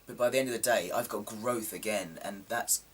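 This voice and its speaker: A man's voice: on the low side, fairly quick, distant mic, slight background noise. A man in casual chat to camera, rambling and self-deprecating with plenty of ums, his voice a little coarse from a sore throat. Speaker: vlogger.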